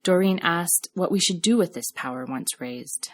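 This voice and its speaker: A woman podcast host reading scripted storytelling narration in a measured, reflective way. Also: on the low side, lively intonation.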